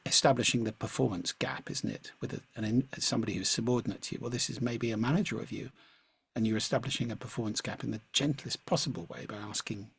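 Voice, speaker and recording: Guy coaching on speaking over a video call, gravelly and kinda raspy, measured. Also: medium pitch, dry recording. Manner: measured, reflective, clears throat. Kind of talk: answering audience questions.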